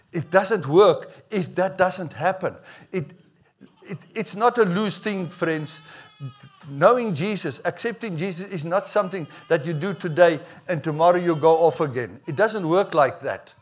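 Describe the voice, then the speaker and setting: A middle-aged man, preaching a sermon in a conversational, animated way with asides to the congregation. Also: high-pitched. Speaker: pastor.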